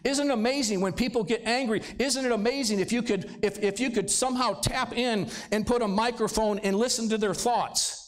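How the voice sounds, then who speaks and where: Guy pastor with a really high voice, chatty sermon in church, keeps asking the crowd questions. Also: brisk, hardly any pauses. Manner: conversational preaching with rhetorical questions to the congregation. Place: church sanctuary, live service.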